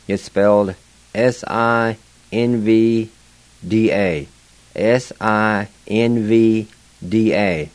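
A man's voice: fairly low pitch, smooth, rough recording. A man teaching a language lesson on the radio, spelling words out letter by letter and pronouncing them with care.

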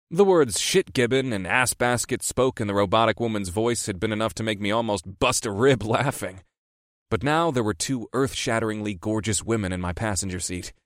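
A man with a fairly low voice reads a first-person novel aloud. His telling is wry and easygoing. The sound is close and dry, with no room around it. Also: no room sound. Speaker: audiobook narrator. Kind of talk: first-person audiobook narration.

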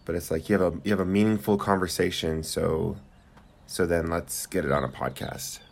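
A man's voice: sits low, steady tone, moderate pace, vocal fry, slight background noise. A young man co-hosting a casual home podcast, rambling and hesitant with lots of fillers. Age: young adult. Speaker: podcast co-host. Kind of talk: casual chat. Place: home room with squeaky chairs.

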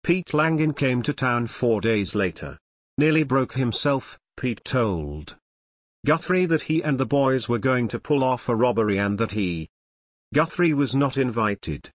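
Male narrator for a true-crime book: measured and expressive, with a lively rise and fall, recorded dry. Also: mid-range voice, dry recording.

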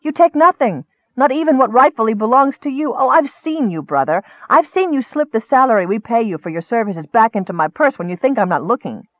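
A man reading a storybook, voicing an earnest, warm-hearted young noblewoman in a raised pitch. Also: lively intonation, moderate pace, no echo. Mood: impassioned. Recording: dry, phone-like narrow sound.

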